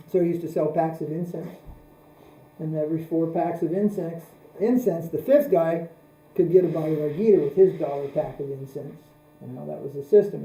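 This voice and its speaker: A man giving a spiritual teaching talk, unhurried and repeating phrases for emphasis. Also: a little high, creaky, mellow. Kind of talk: spoken religious discourse. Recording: roomy echo.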